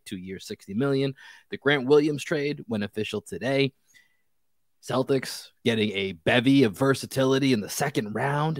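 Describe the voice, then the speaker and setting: A man's voice: mid-range voice, no room sound. A man hosting a casual sports podcast, upbeat and chatty, talking with his co-host.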